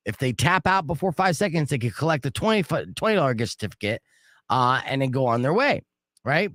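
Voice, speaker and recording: Animated male radio host, dry studio sound. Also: a little high, no echo. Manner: animated, joking, acts out quoted voices. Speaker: radio morning show host. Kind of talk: casual storytelling and game hosting. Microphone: studio microphone.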